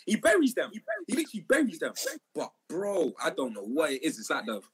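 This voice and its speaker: Slang-heavy guy, animated delivery, fed-up football chat. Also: on the high side, fairly quick, breathy edge. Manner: slangy, exasperated. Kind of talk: casual football banter.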